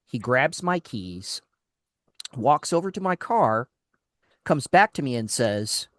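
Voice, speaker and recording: A man's voice: medium pitch, sing-song, takes it slowly, long pauses, fairly bright tone, no room sound. An exasperated man co-hosts a radio talk show from a studio microphone, spinning a story and jumping into the voices of the people in it. His voice sits in a middling range and sounds close and dry, with no room around it. He trips over his words and restarts as he goes. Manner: exasperated storyteller acting out dialogue, frequent restarts. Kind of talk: casual chat, storytelling.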